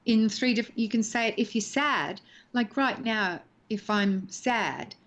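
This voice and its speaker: A fairly bright, somewhat high voice, a little slow, comes from an actress in her sixties. Interviewed as a guest over a video call from home, she talks expressively about her craft in animated interview talk, acting out lines along the way.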